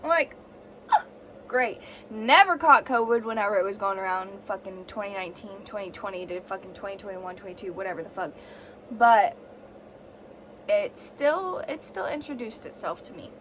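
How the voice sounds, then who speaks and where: A woman's voice: medium pitch, animated, normal speed, fairly bright tone, slight background noise. A young woman telling a story in a casual vlog, sick with a fever and sore throat, ranting dramatically and swearing a lot. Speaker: vlogger.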